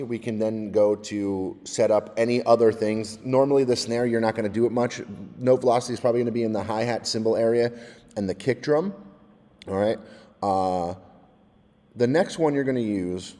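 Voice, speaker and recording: Man explaining software, mellow, reverberant. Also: medium pitch, moderate pace. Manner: casual, explains step by step, often adds "all right?". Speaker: music technology teacher. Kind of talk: screen-recorded software tutorial.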